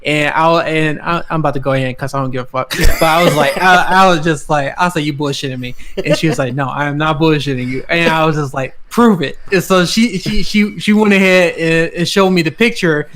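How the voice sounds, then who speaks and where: A man hosting a gaming podcast, telling stories in an excitable, casual way, swearing and laughing often. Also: on the high side, brisk, hardly any pauses. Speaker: podcast host. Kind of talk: casual chat.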